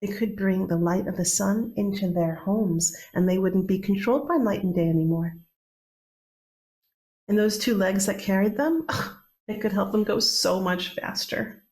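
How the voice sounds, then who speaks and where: Female storyteller, conversational myth-telling, chatty, playful restarts, mid-pitched voice. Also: normal speed, darkish tone. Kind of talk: oral mythtelling.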